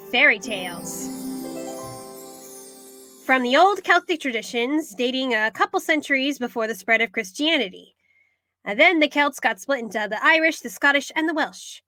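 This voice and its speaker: Bright, high-pitched American woman host. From United States. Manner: chatty and self-deprecating. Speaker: podcast host. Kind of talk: casual solo podcast talk.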